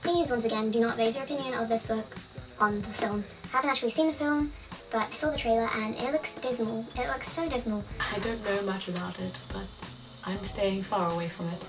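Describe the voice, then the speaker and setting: A young woman casually recommending her favourite books, excitable and gushing, swearing freely. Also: a little high, fairly quick. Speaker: book vlogger. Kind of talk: casual book recommendation vlog. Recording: distant mic with music behind.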